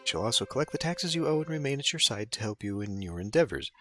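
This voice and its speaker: A man's voice: medium pitch, sing-song, quick pace, a bit bright, faint music behind. A man reading a courtly royal messenger. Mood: formal. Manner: formal, old-fashioned courtly phrasing.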